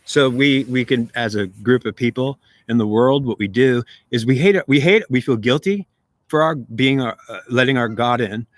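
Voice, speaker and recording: A man hosting a spiritual monologue, talking in an emphatic, rambling way and sometimes arguing with himself. His voice sits at a middle pitch. The sound is dry and close. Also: normal speed, no room sound. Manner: rambling, emphatic, self-dialogue. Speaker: video host.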